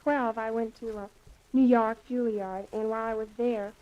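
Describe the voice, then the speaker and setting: A thirteen-year-old girl talks about her piano playing in polite, brief answers. Her voice sits a little high, and the sound is dull and lo-fi like a 1950s broadcast. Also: steady tone, normal speed, darkish tone. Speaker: guest pianist. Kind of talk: radio interview. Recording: dull lo-fi 1950s radio recording.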